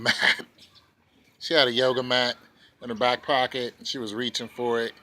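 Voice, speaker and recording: A man's voice: on the low side, bright, forceful tone. A man voicing a defensive male police officer making excuses, in a mocking, sarcastic way.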